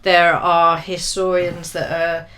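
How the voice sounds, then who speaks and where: A woman co-hosting a podcast in casual chat, talking things through and trailing off into quiet asides. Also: on the low side, flat delivery, slow. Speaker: podcast co-host and storyteller.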